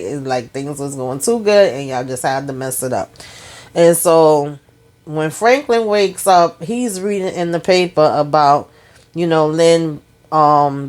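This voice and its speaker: Taking it slowly in a deep voice, a woman vlogger recaps a TV episode in a casual, chatty, colloquial way. She acts out what the characters say and repeatedly checks in with "okay?" and "y'all."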